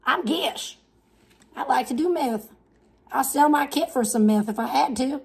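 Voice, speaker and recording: A woman's voice: high voice, a little fast. A woman on a livestream putting on a crude, boastful backwoods hillbilly mother, talking in a mocking, self-boasting way.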